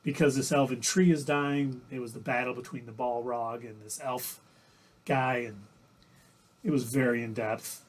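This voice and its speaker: Husky male streamer, average pitch, rambling and self-correcting as he recaps the week's shows. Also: steady tone, normal speed. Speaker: livestream co-host. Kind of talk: casual recap of TV episodes.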